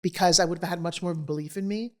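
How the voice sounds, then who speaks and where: A woman's voice: on the low side, steady tone, fast talker, a little mellow. A middle-aged woman, a guest in an interview, telling her life story candidly and animatedly, acting out the voices of people she quotes.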